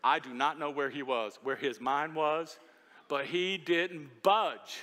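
A man preaching from the pulpit, his voice bright and a little high. He tells stories with lively swings from loud to hushed. The sound carries the long reverb of a large church sanctuary. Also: slow. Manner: animated storytelling, swinging between loud and hushed. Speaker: pastor. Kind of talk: sermon.

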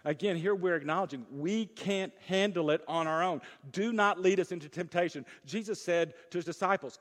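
Fervent pastor preaching in a reverberant hall. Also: male voice, fairly high pitch. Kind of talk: sermon. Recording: long reverb of a church hall.

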